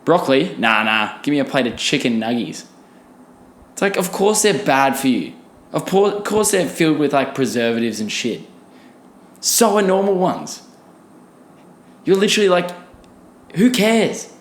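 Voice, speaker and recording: A man's voice: mid-range voice, big pitch swings, normal speed, reverberant. A young man hosting a solo podcast, ranting in a casual, profane, self-deprecating way. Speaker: podcast host. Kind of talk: solo comedic podcast rant.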